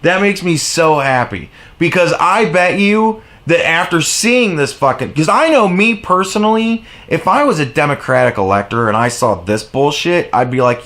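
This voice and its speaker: Brief: male vlogger, furious sarcastic rant, swears constantly, high voice that swings wildly. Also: very animated, normal speed. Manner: heavy profanity, sarcastic and mocking; exasperated, shifts between shouting highs and low mutters. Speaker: commentary vlogger. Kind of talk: angry political rant.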